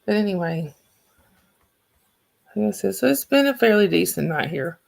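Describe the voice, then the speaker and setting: A woman's voice: medium pitch, expressive, normal speed, vocal fry, a little mellow. A woman with a Southern accent hosting a livestream, chatting casually and rambling with her viewers. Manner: rambling, chatty, restarts sentences. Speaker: livestream host.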